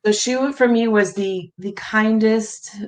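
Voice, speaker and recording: A woman guest in a casual interview chats and tells family stories, laughing often in a warm storytelling way. Her voice is fairly high and slow, and the recording is rough.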